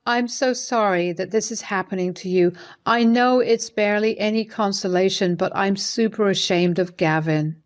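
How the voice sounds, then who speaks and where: A woman's voice: mid-range voice, normal speed, hardly any pauses, natural voice. A woman voicing a caring middle-aged mother-in-law who speaks hesitantly and soothingly while reading a story's dialogue. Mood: concerned.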